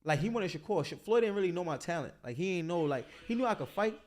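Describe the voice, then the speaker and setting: A young man, a boxer, telling stories in a casual interview, animated and slangy, full of "like" fillers. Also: high-pitched, quick pace.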